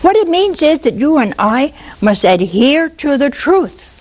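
A woman preaching a sermon, animated and full of rhetorical questions to her listeners. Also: sits high, a little slow.

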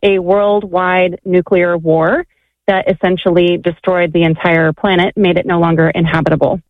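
A woman's voice: fairly low pitch, level tone, moderate pace, dry recording. A woman calling in to a radio show, telling her story in a chatty, rambling way with lots of fillers. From California. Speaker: caller. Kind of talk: phone call to a radio show. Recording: tinny phone line.

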